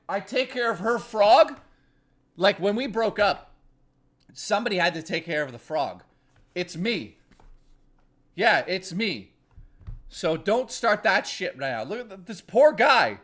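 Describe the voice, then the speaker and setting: A man's voice: high-pitched, sing-song, slow, long pauses, fairly bright tone. A man livestreaming, chatting casually to his viewers in a rambling, profane, joking way, full of restarts. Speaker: livestreamer talking to chat.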